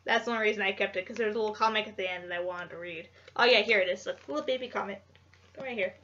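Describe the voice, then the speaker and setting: A woman's voice: mid-range voice, rapid-fire, sharp tone. A young woman vlogger chatting casually about her convention haul, chatty and gushing, with lots of fillers. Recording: dull lo-fi home recording.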